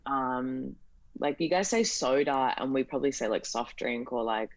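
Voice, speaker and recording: A woman's voice: a bass voice, moderate pace, dry recording. A young Australian woman with an Australian accent, chatting casually as a podcast guest and full of fillers. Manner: chatty, lots of fillers, acts out quoted exchanges. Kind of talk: casual chat.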